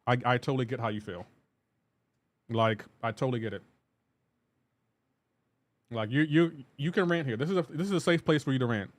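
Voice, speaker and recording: A man's voice: mid-range voice, a little fast, pauses often, dry recording. A man streaming a game live, ranting in an exasperated way and repeating himself while reacting to chat.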